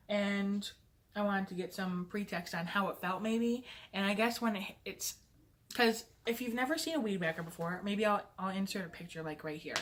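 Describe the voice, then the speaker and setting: Chatty young woman telling a storytime. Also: mid-range voice. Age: young adult. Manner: chatty, fills talk with "like"; playful and self-mocking. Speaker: vlogger. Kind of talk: casual storytime.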